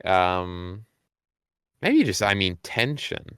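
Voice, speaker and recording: A man's voice: sits low, animated, takes it slowly, a bit bright, smooth, dry recording, clean studio sound. A man in casual chat who rants sarcastically with a lot of swearing. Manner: crude, sarcastic, rants with heavy profanity. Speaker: podcast co-host.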